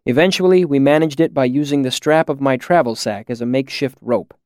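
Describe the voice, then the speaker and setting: A man narrating a novel as an audiobook, with measured and even storytelling. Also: medium pitch, smooth, dry recording, clean studio sound. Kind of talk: scripted narration.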